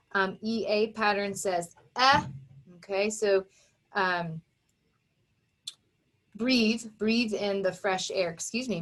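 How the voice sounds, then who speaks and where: A woman's voice: medium pitch, a bit bright. A woman teacher giving a reading lesson to young children, patiently sounding out letters and syllables.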